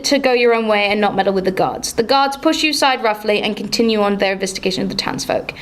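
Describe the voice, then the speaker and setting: A woman running a tabletop game as game master, narrating the story in a lively way with some fillers. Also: on the high side.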